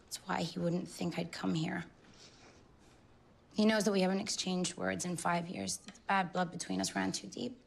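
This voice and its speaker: An actress playing a worried young woman on the run, speaking in a hushed, earnest way. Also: lowish voice, steady tone, moderate pace, gravelly, breathy edge, heavily acted. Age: young adult.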